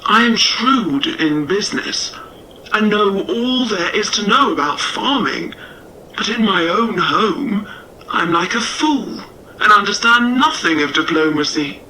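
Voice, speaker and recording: A man's voice: sits high, lively intonation, unhurried, bright, forceful tone, recorded from a distance, a little hiss or hum, heavily acted, low-quality recording. A man voicing a shrewd merchant who blames himself, in a storybook reading. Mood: rueful. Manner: rueful, self-reproaching. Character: shrewd middle-aged male merchant.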